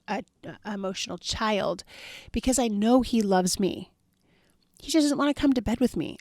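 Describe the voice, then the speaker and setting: A woman's voice: medium pitch, no echo, studio quality. A woman hosting a podcast, talking earnestly in a casual, chatty way and speaking straight to her listeners. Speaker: podcast host. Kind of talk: casual motivational monologue.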